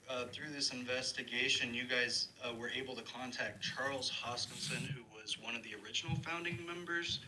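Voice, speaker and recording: A man calling in to a live show for the first time, talking in a relaxed, informal way. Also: mid-range voice, a little hiss or hum, poor audio. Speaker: caller. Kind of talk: casual call-in chat.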